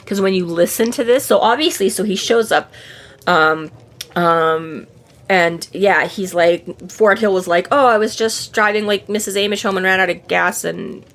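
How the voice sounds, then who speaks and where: A woman with a medium-pitched, fairly bright voice co-hosts a book podcast at a moderate pace. Their chat is casual, and she swears freely and acts out the characters' lines.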